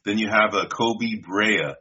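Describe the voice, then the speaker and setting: A man's voice: fairly low pitch, a little slow, pushed and bright, breathy edge. A man co-hosting a casual podcast, rambling through draft picks in a loose style and calling his partner dude and bro. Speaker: podcast co-host. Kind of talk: casual draft-pick chat. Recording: dull lo-fi sound.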